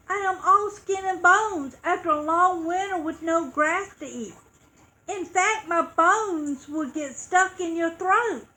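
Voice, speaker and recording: A woman voicing a calm, skinny young male goat in a storybook reading, talking in a steady, persuasive way. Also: extremely high pitch, pitched above the performer's own voice, full character voice, low-quality recording.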